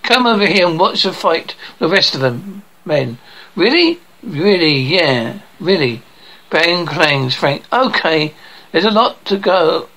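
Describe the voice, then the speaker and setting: A bright, crisp-edged voice reads through a cartoon episode scene by scene. Character dialogue and spoken sound captions run together, broken by clipped words and restarts. The pitch sits in the middle range. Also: expressive, unhurried, low-quality recording. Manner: jumps between characters' lines and caption readouts.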